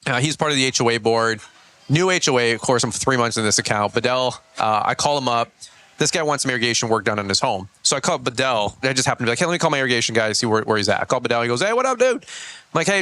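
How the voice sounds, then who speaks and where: Bright, slangy man telling stories. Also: medium pitch, very fast. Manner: animated storyteller, slangy. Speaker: guest business owner. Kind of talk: casual podcast chat. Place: Michigan.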